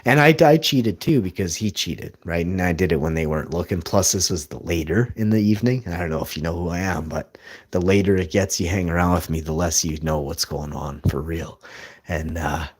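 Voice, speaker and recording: A man telling rambling, boastful stories as a live streamer, with bursts of loud laughter. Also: sits low, fairly quick, slightly rough. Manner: boastful, rambling, laughs loudly mid-story. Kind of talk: rambling storytelling.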